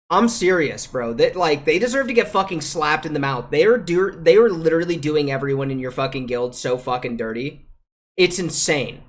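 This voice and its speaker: A man's voice: on the high side, fairly quick. Male streamer reviewing raid footage live; foul-mouthed, heated, repetitive, slangy. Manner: profane, heated ranting; repeats phrases, slangy with "bro" and "dude".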